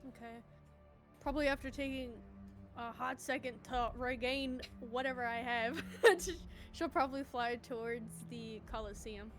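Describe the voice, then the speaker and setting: A woman's voice: on the high side, fairly even intonation, moderate pace, fairly bright tone. A young woman playing a tabletop game, casual and hesitant as she thinks aloud. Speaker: player. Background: background music.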